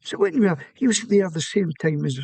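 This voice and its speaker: A man's voice: high voice, very animated, fairly quick, creaky, a little mellow, slightly rough, no echo. An older man with an Aberdeen Scottish accent, a former soldier telling rambling anecdotes in an interview and acting out the dialogue. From Scotland. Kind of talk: storytelling interview.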